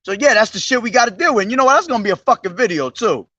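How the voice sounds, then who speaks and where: A man street preaching outdoors, reading scripture loudly and slowly, then breaking into profane, agitated ranting. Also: high-pitched, lively intonation, slightly rough, no room sound, far from the mic, lo-fi sound. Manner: profane, agitated ranting between loud declaimed verses.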